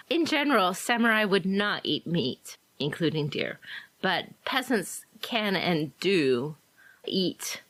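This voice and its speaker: A woman co-hosting a podcast, chatty and quick to laugh as she retells scenes. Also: on the low side, sing-song, a bit bright, no echo. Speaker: podcast co-host. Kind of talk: casual chat about game fiction.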